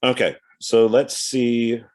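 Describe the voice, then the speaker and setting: Slow and flat, with a darkish tone and mid-range pitch, a man chats casually while unboxing the DVDs he bought. He reads each back cover aloud as part of his collection vlog commentary.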